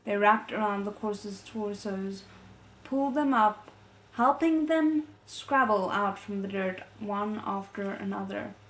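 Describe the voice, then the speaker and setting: A woman reading a novel aloud as a readalong host, soft and measured, breaking off to react with feeling. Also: medium pitch. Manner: emotionally invested, breaks off to react.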